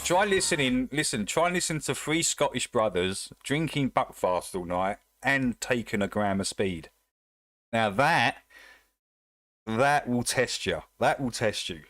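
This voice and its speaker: A man's voice: medium pitch, lively intonation, measured pace, a bit bright, no room sound, faint music behind. A man with an Essex and North London accent, hosting a casual livestream and chatting bluntly with his viewers in a rambling way. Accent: Essex / North London English. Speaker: livestream host.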